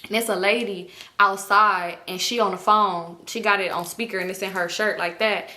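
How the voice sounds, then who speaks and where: A woman vlogger telling a story in a casual, animated way, laughing, swearing and acting out the people in it. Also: medium pitch, moderate pace. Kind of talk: storytime vlog.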